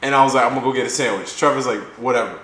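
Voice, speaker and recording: A man's voice: mid-range voice, racing, fairly bright tone, roomy sound, slight background noise. A man co-hosting a podcast, telling a story in casual chat, laughing often and swearing freely. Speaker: podcast co-host.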